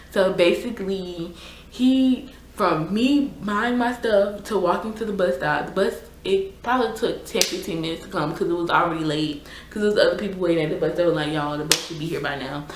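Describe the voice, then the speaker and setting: A young woman recounts a story to her viewers in a loose, filler-heavy, exasperated way. Her voice sits on the low side for a woman. The room around her is echoey, with a faint hum of ambience. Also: normal speed. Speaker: YouTuber. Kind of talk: casual storytime.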